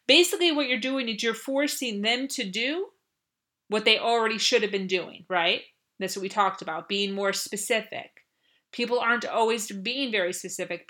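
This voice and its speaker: Woman, podcast host, bright voice, self-help advice, acts out cheery dialogue. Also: mid-range voice. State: has a headache.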